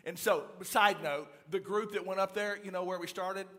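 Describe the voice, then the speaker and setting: A man preaching in a church, his voice high and bright. He tells his story with energy, stumbling over repeated words and acting out shouts as he goes. He swings between hushed, intimate moments and loud, lively stretches. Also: normal speed. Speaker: pastor. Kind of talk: sermon. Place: church auditorium.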